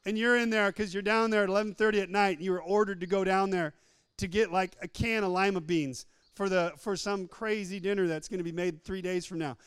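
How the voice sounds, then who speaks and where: A man's voice: high-pitched, steady tone, fairly quick, a bit bright, clean tone, no echo, clean studio sound. A man preaching a humorous sermon, repeating phrases for emphasis and acting out little scenes in different voices.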